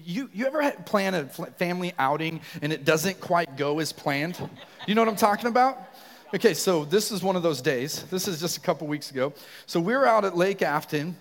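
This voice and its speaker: A man preaching a sermon, telling a personal story and asking the congregation questions in an animated way. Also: a little high, long reverb tail. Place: church sanctuary.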